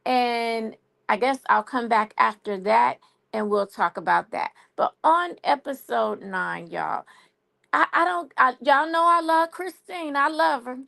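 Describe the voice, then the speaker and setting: A woman's voice: a little high, unhurried, creaky, bright, forceful tone. A woman hosting a live stream, chatting casually about a TV show and saying y'all a lot. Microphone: phone.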